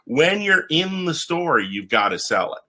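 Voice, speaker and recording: A man, a comic book writer, telling stories in an animated podcast conversation and acting out the voices of the people in them. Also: normal speed. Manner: animated, acts out quoted voices with big pitch jumps. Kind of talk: animated storytelling in a podcast interview.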